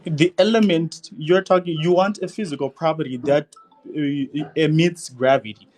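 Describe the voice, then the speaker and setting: A man calling in to a livestream debate, explaining his point in a halting, hesitant way with restarts. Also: fairly high pitch, fairly even intonation, a little mellow, a little hiss or hum. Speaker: caller.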